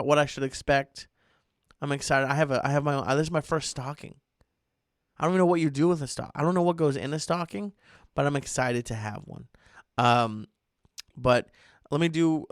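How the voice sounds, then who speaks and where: A man's voice: mid-range voice, no echo, clean studio sound. A man in his thirties hosting a casual solo podcast, rambling with jokey, self-deprecating asides. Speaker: podcast host.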